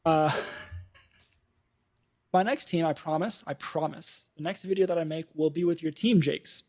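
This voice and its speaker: A man hosting a casual gaming podcast, sounding upbeat and easygoing. His voice sits a little higher than most men's. He talks in a chatty, self-deprecating way. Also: fairly even intonation, a little slow, a little mellow. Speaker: podcast host.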